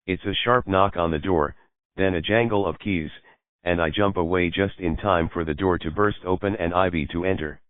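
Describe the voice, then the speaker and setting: Deep-voiced man narrating a novel. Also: moderate pace, no echo. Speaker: audiobook narrator. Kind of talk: scripted narration. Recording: narrow phone-like dry sound.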